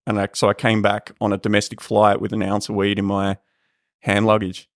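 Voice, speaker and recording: Low-voiced podcast host. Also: male voice, completely flat delivery, fairly quick, dry recording, clean studio sound. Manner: rambling, lots of ums. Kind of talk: casual chat.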